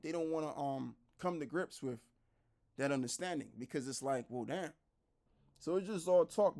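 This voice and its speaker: A man preaching online, blunt and repetitive, who drops into a lower, quieter voice when he reads scripture aloud. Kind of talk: street-style preaching commentary.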